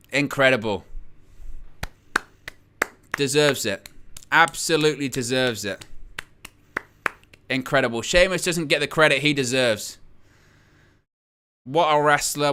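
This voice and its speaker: A man hosting a watch-along, giving excitable live reaction commentary and repeating his exclamations. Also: medium pitch, clear, resonant tone.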